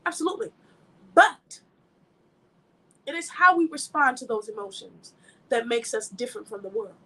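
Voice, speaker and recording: A woman preaches in a high-pitched voice, with everyday stories mixed into the message. Her delivery is emphatic and conversational, and she laughs as she talks. The tone is bright and forceful. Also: expressive, moderate pace, breathy edge, rough recording. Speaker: ministry speaker. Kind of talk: informal sermon with personal anecdotes.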